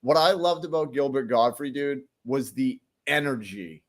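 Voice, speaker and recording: A laid-back man chats as co-host on a live talk stream. His voice is mid-pitched and easygoing, with a relaxed, friendly looseness in how he talks. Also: normal speed. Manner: laid-back, says dude and man a lot. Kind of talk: casual chat.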